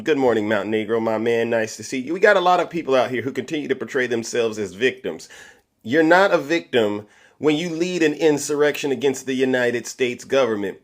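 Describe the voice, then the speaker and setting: A man hosting a political commentary livestream, boastful and showy, with catchphrases. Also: fairly high pitch. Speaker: livestream host.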